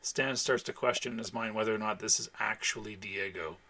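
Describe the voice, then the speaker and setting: A man playing a tabletop game, calmly stating his character's actions. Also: fairly low pitch, a little fast, crowd noise. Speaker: player. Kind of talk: casual tabletop role-play.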